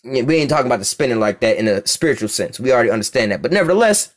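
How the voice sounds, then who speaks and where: A man's voice: mid-range voice, expressive, very fast. An American man preaching, reading scripture aloud and commenting on it in blunt, profane street talk, often checking that listeners follow him. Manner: profane, blunt, keeps asking "you see what I'm saying".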